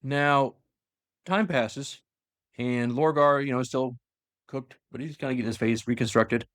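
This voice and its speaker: A man's voice: medium pitch, fairly even intonation, unhurried, a bit bright, no echo. Rambling man explaining lore, dry sound. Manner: loose, rambling retelling with many fillers. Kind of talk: casual lore chat.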